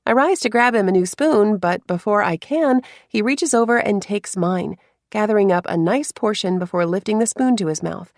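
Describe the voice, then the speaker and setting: Woman softly narrating a romance story. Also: medium pitch, normal speed, dry recording, studio quality. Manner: soft and confiding, with hushed asides.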